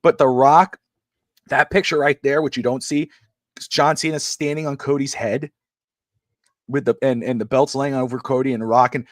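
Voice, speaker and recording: Guy co-hosting a sports talk show, gets excited and rambles, keeps restarting, mid-pitched, dry sound. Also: normal speed, pauses often, no room sound. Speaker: sports podcast co-host.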